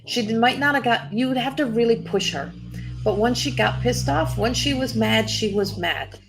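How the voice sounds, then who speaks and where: A woman's voice: a little high, moderate pace, over music. A woman doing a live psychic reading as a medium, talking in a rambling way, breaking off and restarting her sentences, and laughing often.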